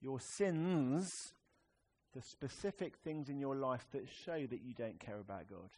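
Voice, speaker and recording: A man preaching a sermon in a conversational, wry way, swinging between emphatic rises and quiet, serious drops. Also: medium pitch, a little slow, husky.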